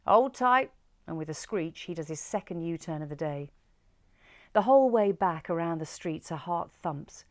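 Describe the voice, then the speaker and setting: Storytime host, woman, lowish voice, calm and gentle delivery. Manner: gentle, unhurried, soft sign-off. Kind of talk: reading a short story aloud.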